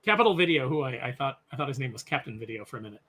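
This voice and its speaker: A man on a podcast panel in casual chat, ranting with sarcastic, animated energy. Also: medium pitch, very fast, slightly rough.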